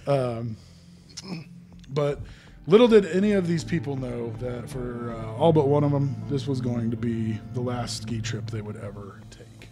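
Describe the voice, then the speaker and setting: A young man hosting a casual podcast, his voice sitting at an ordinary middle pitch. He rambles and jokes, laughing often between points, while faint music plays under him. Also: unhurried. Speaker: podcast host.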